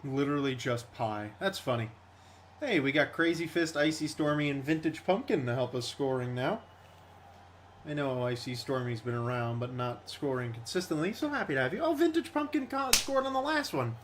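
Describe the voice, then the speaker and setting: A man giving live commentary on a simulated monster truck event, chatty and excitable, grumbling sarcastically between runs. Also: medium pitch, normal speed, slight background noise.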